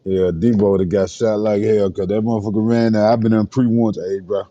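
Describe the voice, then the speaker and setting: A man's voice: on the low side, little pitch movement, fairly quick, dark tone, dry recording. A man talking bluntly in slangy, matter-of-fact casual chat. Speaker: regular panelist. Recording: muffled lo-fi audio with faint noise.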